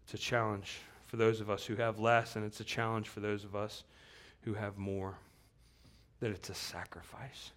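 Male pastor, sermon delivery, earnest, low register, emphatic scripture reading, repeats lines for weight. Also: level tone, normal speed, fairly bright tone. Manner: repeats key phrases for weight.

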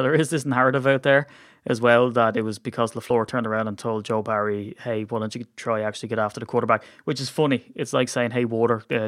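A man's voice: mid-range voice, fairly bright tone, dry recording, clean studio sound. A man with an Irish accent hosting a casual sports podcast, rambling and self-deprecating with lots of fillers. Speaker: podcast host. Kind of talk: casual chat.

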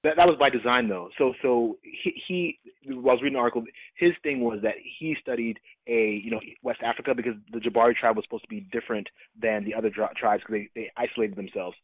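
Fast-talking husky man on a podcast. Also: medium pitch, no room sound. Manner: fast, laughing, teasing banter. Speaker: podcast co-host. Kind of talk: casual movie review chat. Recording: dry, tinny phone-like sound.

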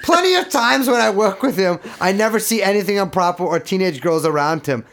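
A man's voice: sits high, animated, fairly quick, gravelly, fairly bright tone, exaggerated voice. A man voicing an evasive male Russian bodyguard and trainer in a comedic interview reenactment, speaking broken English in a put-on Russian accent that drifts toward German and Polish. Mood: defensive. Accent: put-on Russian, slipping toward German and Polish. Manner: broken English, defensive, denies everything.

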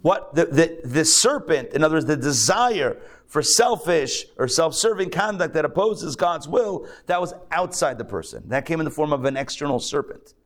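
Rabbi teaching a live class. Male, fairly high-pitched voice, conversational and jokey, restarts his sentences as he thinks. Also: lively intonation, moderate pace. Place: synagogue class.

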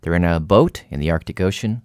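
A man hosting a radio show, narrating and asking curious, animated questions. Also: deep voice, brisk, smooth, no echo, clean studio sound. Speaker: host.

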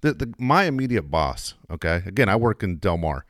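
A man with a low, deep voice co-hosts a casual talk show. He tells stories with animation, swears freely and stumbles over repeated words when he gets heated. The close mic sounds dry. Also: very animated, fairly quick, dry recording. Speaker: co-host. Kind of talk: casual radio chat.

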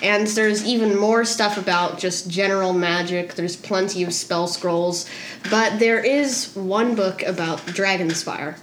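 A woman's voice: medium pitch, a little slow, a little hiss or hum. A woman running a tabletop role-playing game as game master, narrating in a casual, giggly way that easily gets sidetracked. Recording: roomy echo.

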